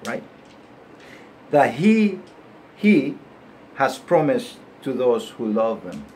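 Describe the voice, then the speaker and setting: A man's voice: medium pitch, takes it slowly, slight background noise. A man with a bilingual Spanish-English accent, hosting his show and giving a preachy motivational talk that keeps asking "right?" and breaks into laughs. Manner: animated, preachy, laughs often, asks "right?". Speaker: show host.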